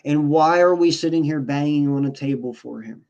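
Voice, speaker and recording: A man with a fairly high-pitched voice, ranting about his team on a casual sports podcast. He swears freely and talks with heated frustration. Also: normal speed, creaky, a little mellow, highs cut off. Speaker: podcast co-host.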